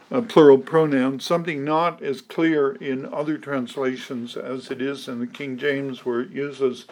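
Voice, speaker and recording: A man preaching an expository sermon, teaching at a measured pace with frequent ums and restarts. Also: mid-range voice.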